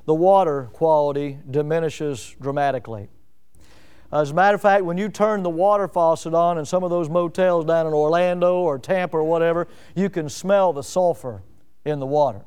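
A man preaching a sermon in a high, ringing voice with a smooth, resonant tone. He presses his listeners with repeated rhetorical questions and leans hard on key words as he builds. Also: moderate pace, a little mellow. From Northwest Florida. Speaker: pastor.

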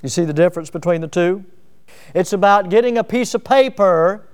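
Male preacher, high and clear-toned, reads aloud and stops to comment, stressing key words. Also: a little fast. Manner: reads a passage then breaks off with asides and checks. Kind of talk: sermon reading and commenting on a book.

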